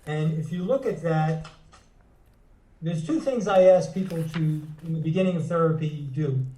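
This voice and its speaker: In an interview, a male therapist who also writes books explains ideas with earnest, teacherly care, often breaking off and beginning a phrase again. He speaks at normal speed in a slightly high, warm voice, far from the mic in an echoey space.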